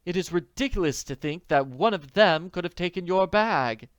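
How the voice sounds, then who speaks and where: A man voicing an inn manager who talks quietly and formally, with a hint of impatience. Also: high voice, animated, clean tone, dry recording, dull audio, voice pushed up. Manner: quiet, measured, slightly impatient. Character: inn manager, man, calm and stiffly polite.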